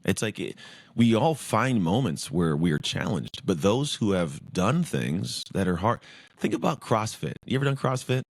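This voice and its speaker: Low-voiced guy, intense and emphatic, piles up repeated phrases, dry close sound. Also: sing-song, moderate pace, dry recording. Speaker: podcast guest, former pro football player. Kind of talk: casual interview talk.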